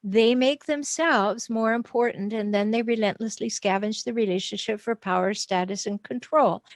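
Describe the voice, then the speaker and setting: A woman's voice: a little high, normal speed, dry recording. A woman relationship expert being interviewed, explaining animatedly and acting out quoted voices.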